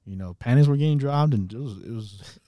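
Recorded at studio quality with no echo, this man talks a little fast in a mid-range voice with a dark tone. As a podcast co-host, he chats casually about anime, frequently laughing and performing characters' lines.

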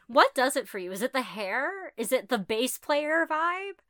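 A woman's voice: high voice, big pitch swings, a little slow, fairly bright tone, no echo, studio quality. A young woman co-hosting a casual podcast chat, with exaggerated reactions. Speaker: podcast co-host.

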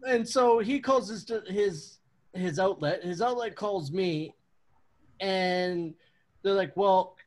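A man's voice: high voice, takes it slowly. A man on a video call casually telling an amused story about a work mix-up. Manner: chatty, amused, animated when he quotes people.

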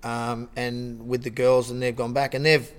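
A man's voice: mid-range voice, moderate pace, smooth. A man with an Australian accent telling stories in a casual chat, acting out the exchanges he quotes. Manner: animated anecdote-telling, acts out quoted exchanges. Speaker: guest. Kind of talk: casual storytelling.

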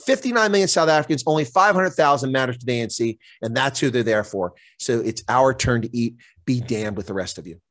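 A man's voice: medium pitch, expressive, fairly quick, hardly any pauses, a bit bright, dry recording. A man giving a guest interview on politics, speaking with indignant, impassioned emphasis. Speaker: guest commentator.

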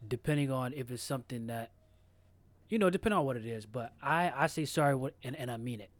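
A young man co-hosting a podcast, speaking in a halting casual way, often clearing his throat and restarting phrases. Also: medium pitch, animated, no echo. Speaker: podcast co-host. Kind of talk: casual chat.

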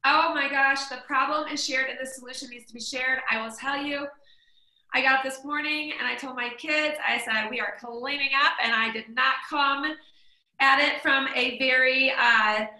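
A woman hosts a live-streamed interview, eager and affirming as she reacts to her guest. Her voice sits high and comes across very bright. The room gives it a noticeable echo. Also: steady tone, normal speed. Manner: enthusiastic and affirming. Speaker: host.

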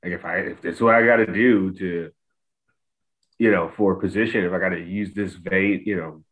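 A man's voice: sits low, fairly even intonation, moderate pace, fairly bright tone, poor audio. A man in a casual podcast chat, adding laid-back commentary and often saying "you know". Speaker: podcast co-host.

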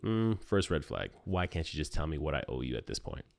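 A man in his thirties hosting a podcast, telling a personal story in a casual, animated and self-deprecating way. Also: rumbling low, a little fast, vocal fry, dry recording.

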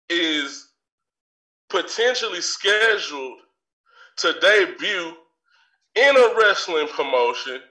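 A man's voice: high voice, bright, forceful tone, roomy sound, recorded from a distance, poor audio. A man co-hosting a podcast, doing a profane, boastful, mock-furious comic rant. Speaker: podcast co-host. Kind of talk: comedic rant in character.

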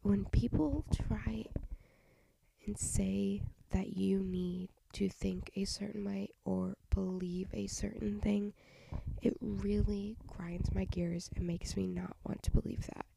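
Tired young woman, gravelly half-whisper. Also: medium pitch, fairly even intonation, slow, warm tone. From United States. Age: young adult. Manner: rambling, frank, with sighs and little laughs. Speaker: podcast host. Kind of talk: casual solo podcast chat.

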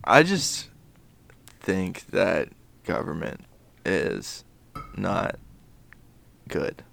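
A man's voice: fairly low pitch, animated, normal speed, vocal fry, a bit bright, a little hiss or hum. A young man co-hosting a podcast, laid-back and jokey in casual chat. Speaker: podcast co-host.

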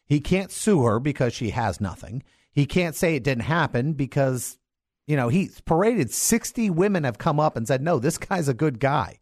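A man's voice: a little high, very animated, normal speed, darkish tone, no room sound, studio quality. An older man, an attorney guest on a radio show, speaking in an emphatic, indignant way and often restarting his sentences. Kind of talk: opinionated radio commentary. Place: radio studio. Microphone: studio microphone.

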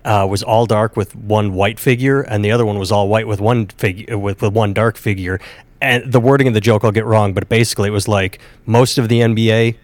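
A middle-aged man co-hosts a casual podcast, wandering through old stories with halting pauses. His voice sits on the low side and is recorded dry and close. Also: fairly even intonation, no echo. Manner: rambling anecdotes with hesitant "uh"s. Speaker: podcast co-host.

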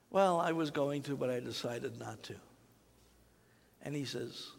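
A pastor delivering a sermon, telling a childhood story in a conversational way and drawing the congregation in with questions. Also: male voice, medium pitch, unhurried, vocal fry, long pauses, slight background noise. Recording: long hall reverb.

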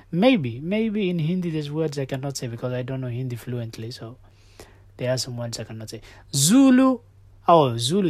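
A man's voice: a little high, a little mellow, no room sound. A man hosting a casual podcast, playfully rambling through a listener's question. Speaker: podcast host.

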